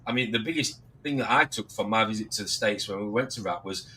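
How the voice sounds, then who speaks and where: British man, show host, casual chat, bright voice, careful wording. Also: lowish voice, fast talker, slight background noise, low-quality recording. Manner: chatty, careful with his words. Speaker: livestream host.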